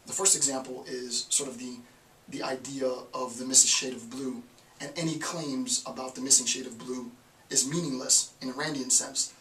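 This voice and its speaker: A man gives a philosophy lecture in a loose, talky way, repeating key phrases to drive them home. His voice is bright and forward. It is recorded from some distance in an echoey room with faint hiss behind it. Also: medium pitch. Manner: conversational, repeats phrases for emphasis.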